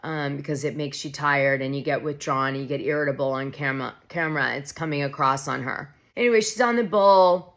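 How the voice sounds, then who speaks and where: A woman's voice: low-pitched, fairly quick, hardly any pauses. A woman vlogger recapping a reality show in a casual, chatty, opinionated way, often saying "like". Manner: gossipy, opinionated, heavy use of "like".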